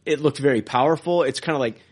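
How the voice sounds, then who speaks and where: A man of middle pitch chatting casually as a podcast co-host. He speaks with enthusiasm, stumbling and repeating words as he gushes about films. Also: quick pace, darkish tone, breathy edge. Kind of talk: casual chat.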